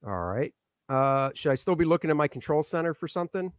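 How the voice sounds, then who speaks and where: A man's voice: on the high side, animated, a little fast, no room sound, clean studio sound. Joking man chatting on a live stream. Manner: joking, chatty, muttering while fixing his settings. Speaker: comic artist hosting a live stream. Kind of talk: casual live-stream chat. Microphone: microphone on a stand.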